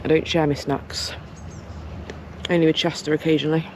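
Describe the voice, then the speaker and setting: A woman keeps up a cheerful, rambling vlog chat out in open countryside, greeting animals along the way. Wind and road noise push through clearly behind her voice. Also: low-pitched, flat delivery, normal speed. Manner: chatty, talks to animals and to herself. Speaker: cycling vlogger. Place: outdoors in countryside on a long bike ride.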